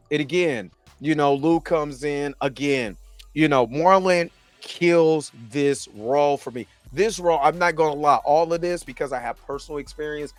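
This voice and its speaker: This show host is a man with a mid-range voice, recorded with no room sound. He goes over a TV episode conversationally and casually, repeatedly asking "you know what I mean."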